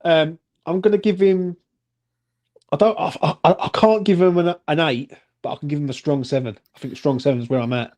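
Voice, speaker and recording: Lad co-hosting a football chat, casual, swears a bit, warm mellow voice. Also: male voice, a little high, fairly even intonation, a little fast. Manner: blunt, swears, asks "yeah?". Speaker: co-host rating players.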